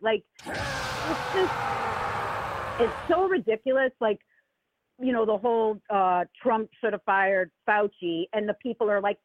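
A woman calling in to a show and chatting casually about politics, animated and swooping high when she mocks people. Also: measured pace. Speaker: caller. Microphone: phone call. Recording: tinny phone line, dry.

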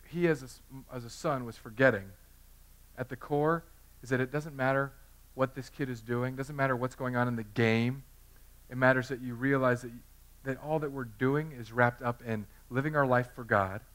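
A man's voice: medium pitch, a bit bright. A man in his thirties preaching a sermon in a conversational, self-deprecating way, telling personal stories. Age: 30s. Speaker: pastor.

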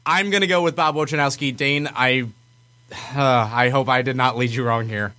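A man co-hosting a sports podcast, excitably talking himself through his guesses in a quiz. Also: mid-range voice, moderate pace. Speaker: podcast co-host. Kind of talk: casual sports banter.

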